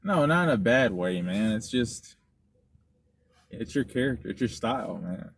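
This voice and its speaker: A man's voice: medium pitch, lively intonation, moderate pace. A man in casual car chat as a podcast co-host, laid-back and teasing, often laughing. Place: inside a car.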